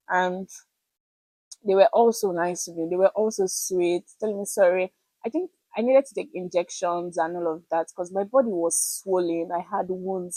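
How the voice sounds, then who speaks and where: A young woman with a Nigerian accent, telling a personal story to camera in a chatty, animated way with pidgin words mixed in. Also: lowish voice, no echo, rough recording. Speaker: vlogger.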